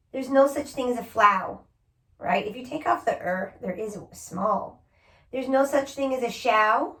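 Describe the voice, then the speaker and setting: A woman's voice: on the high side, fairly bright tone, echoey room. A woman teacher giving a spelling lesson to children, patiently sounding out each word letter by letter.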